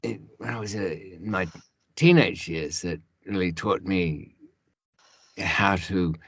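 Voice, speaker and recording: A man's voice: deep voice, slow, fairly bright tone, dry recording, lo-fi sound. A man who is a podcast guest, telling stories in a rambling way with many restarts and asides. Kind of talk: casual storytelling.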